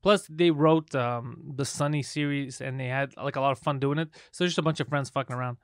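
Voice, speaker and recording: A man's voice: mid-range voice, steady tone, fairly quick, clear, resonant tone, dry recording, studio quality. A man from Honduras co-hosting a crude, joking casual chat, swearing and laughing often.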